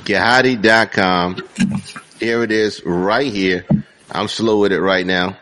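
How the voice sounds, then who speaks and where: A man's voice: lowish voice, fairly even intonation, slow pace, fairly bright tone. A man co-hosting a casual podcast, joking loosely and reading product names aloud. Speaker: podcast co-host.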